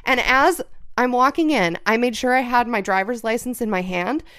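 A young woman tells a story on a podcast in a lively, animated way, swearing freely and acting out what people said. Her voice sits on the higher side and sounds smooth. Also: moderate pace. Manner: animated, swears often, acts out quotes. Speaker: podcast co-host. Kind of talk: casual storytelling chat.

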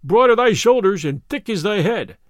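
A man's voice: high voice, sing-song, moderate pace, no room sound, studio quality. A man voicing a taunting, bragging champion cudgel fighter who mocks his rivals in old-fashioned words. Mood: mocking. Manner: loud, mocking, old-fashioned speech.

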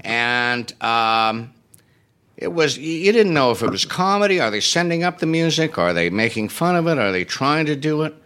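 Male interview guest, bright and forward tone, anecdotal and deadpan-funny. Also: a little high, moderate pace, smooth. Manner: wry, self-deprecating comic timing.

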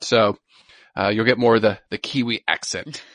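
A man, co-hosting a casual podcast. He talks with eager enthusiasm and repeats words in excited bursts. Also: fairly low pitch, normal speed, no room sound. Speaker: podcast co-host.

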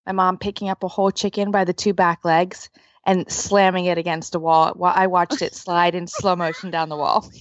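A woman's voice: on the low side, flat delivery, fairly quick, no room sound. A woman co-hosting a casual chat, telling stories in a rambling, restarting way. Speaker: podcast co-host. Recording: slightly dull lo-fi sound.

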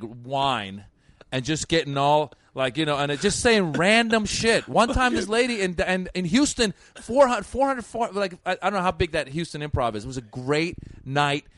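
This is a man from Iran who works as a stand-up comedian, chatting casually on a podcast. He tells long stories with eager restarts and repeated words. His voice sits a little high, and the recording is close and dry. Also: expressive, moderate pace, a bit bright, dry recording.

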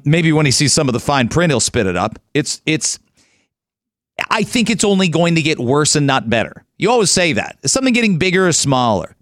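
A Canadian man hosts talk radio in an emphatic, opinionated way. His voice sits a little high for a man. The studio sound is dry and close. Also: a bit bright, no room sound. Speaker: radio talk show host.

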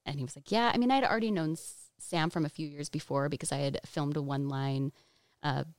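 A woman working as an ASL interpreter, voicing a Deaf guest's answers in first person during a casual podcast interview, telling stories in a lively way. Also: low voice, fairly quick, no room sound, clean studio sound. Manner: lively storytelling with frequent laughs.

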